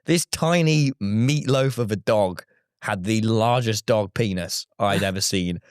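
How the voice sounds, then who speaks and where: A man telling a comic story on a podcast, animated and giggly, with plenty of exaggeration. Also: on the low side, unhurried, smooth, no echo, clean studio sound.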